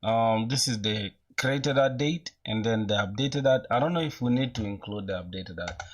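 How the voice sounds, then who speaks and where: A young man in his twenties chatting casually with viewers while coding live, using relaxed slang and thinking aloud, with an occasional cough. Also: on the low side, moderate pace. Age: young adult. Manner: laid-back slangy, greets chat, thinks aloud. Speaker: programming streamer.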